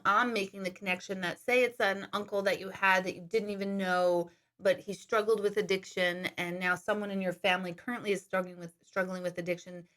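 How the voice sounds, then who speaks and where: A woman's voice: medium pitch, sharp tone. A woman working as an intuitive medium, chatting casually on a live stream, reading viewer questions aloud and laughing often.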